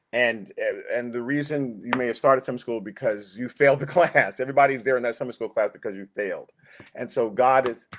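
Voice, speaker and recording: Animated man teaching Sunday school. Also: medium pitch. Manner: animated, conversational, acts out quotes. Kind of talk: Bible study teaching.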